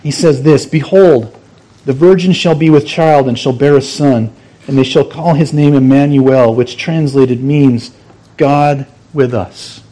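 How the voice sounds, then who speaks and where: A man's voice: medium pitch, measured pace, dark tone. A man preaching a sermon, teaching earnestly and stressing key phrases through repetition. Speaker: pastor.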